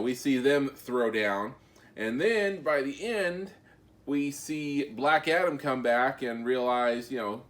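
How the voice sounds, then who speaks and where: A man co-hosting a podcast, casually recapping comic book stories with many fillers and pauses. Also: mid-range voice, fairly bright tone. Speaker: podcast co-host.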